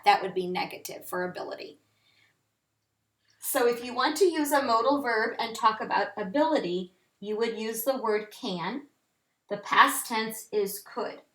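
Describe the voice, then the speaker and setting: A woman teacher slowly and clearly explaining English grammar to learners. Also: on the high side, fairly bright tone. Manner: slow, clear, deliberate teaching delivery. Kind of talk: instructional lesson. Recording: echoey room, voice off-mic.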